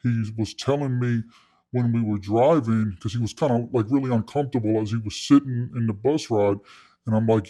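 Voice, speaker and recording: A man's voice: medium pitch, a little fast, warm tone. A man casually telling a comic story, rambling with slang and fillers. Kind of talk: comedic storytelling.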